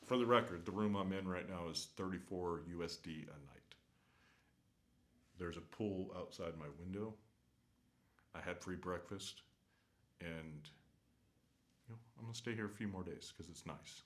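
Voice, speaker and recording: A man with a very low voice rambles through an unscripted vlog rant. He talks casually from a hotel room, earnest and opinionated, and keeps circling back with fillers and half-started sentences. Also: unhurried, long pauses. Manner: rambling, many fillers and restarts. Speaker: travel vlogger.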